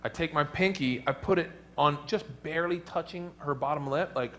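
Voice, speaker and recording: A man's voice: a little high, normal speed, fairly bright tone, a little hiss or hum. A man performing a stand-up comedy set on a club stage, telling stories and acting out other people's voices.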